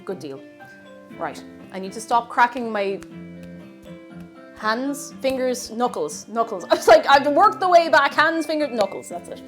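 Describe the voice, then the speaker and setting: A woman's voice: a little high, very animated, unhurried, long pauses, fairly bright tone, soft background music. An Irish woman chatting with her stream audience while cooking in her home kitchen, bubbly and talkative. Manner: chatty, bubbly, reads out viewer names. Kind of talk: casual livestream chat while cooking.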